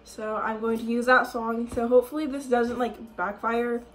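A woman's voice: fairly high pitch, flat delivery, moderate pace, soft background music. A woman vlogging in a casual way, nervous and giggly, with lots of filler words. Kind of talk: casual vlog talk.

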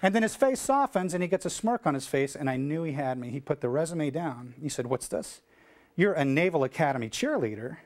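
A middle-aged American man giving a keynote speech, telling a story and acting out the dialogue with lively energy. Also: fairly high pitch, fairly quick. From United States. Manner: animated storyteller acting out dialogue, shouting cheers. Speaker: keynote speaker.

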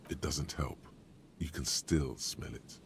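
A man's voice: a bass voice, slow, vocal fry, slight background noise, full character voice. A man voicing a brooding, mocking narrator in a detective video game, with a sardonic, ominous delivery. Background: game music.

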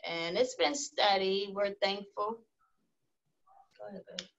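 A woman's voice: mid-range voice, unhurried, vocal fry. A woman who runs a salon, speaking plainly and gratefully on a video call panel. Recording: dull lo-fi video call audio.

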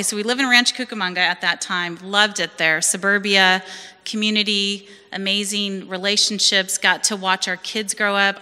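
A woman in her forties from California tells her personal testimony at a church service. She speaks in a lively storytelling way and acts out the people she quotes. Her voice is very bright and sharp, and it rings with a long reverb from the church hall around her. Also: mid-range voice, clear, resonant tone. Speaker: church member giving testimony.

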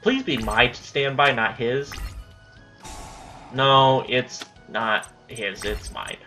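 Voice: mid-range voice, slow, bright, forceful tone, faint music behind. A gaming channel host giving casual let's-play commentary, talking to themself and often saying "dude". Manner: casual self-talk, says "dude" a lot.

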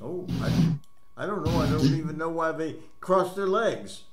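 A man's voice: a little high, expressive, moderate pace, echoey room. A man in the audience of a voice chat comedy show, chuckling and murmuring reactions. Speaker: audience member.

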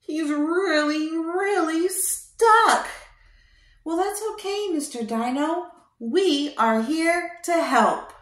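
A young woman hosting a toddler show, talking in a slow, exaggerated sing-song way to teach small children. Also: very high-pitched, fairly bright tone. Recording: roomy echo.

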